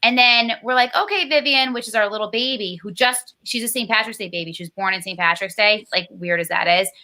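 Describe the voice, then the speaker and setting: Bright-voiced woman rambling on a video call. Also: medium pitch, a little fast. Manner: rambling, lots of "like", swears casually. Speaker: guest. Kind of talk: casual chat.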